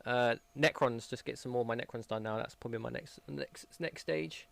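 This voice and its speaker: A man's voice: medium pitch, fairly quick, gravelly, a bit bright. A man, chatting casually on a podcast, hesitant and easygoing. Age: 20s. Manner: hesitant, full of fillers and restarts, easygoing. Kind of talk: casual chat.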